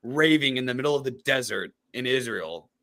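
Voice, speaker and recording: A man's voice: medium pitch, lively intonation, brisk, fairly bright tone. A man co-hosting a podcast, telling things bluntly with a lot of swearing. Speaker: podcast co-host. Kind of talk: casual profane group chat.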